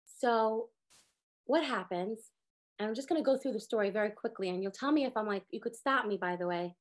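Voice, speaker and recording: A woman in her thirties teaching a lively Torah class, acting out quotes with sudden jumps in pitch. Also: fairly quick. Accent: sprinkles Hebrew words. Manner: animated, acts out quotes with big pitch jumps.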